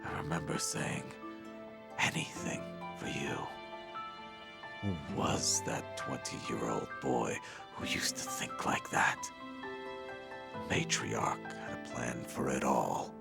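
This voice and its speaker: An actor voicing a weary older ex-yakuza in a video game, speaking in a slow, terse, deadpan way with a gravelly, very deep voice. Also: male voice, over loud music, exaggerated voice. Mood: brooding.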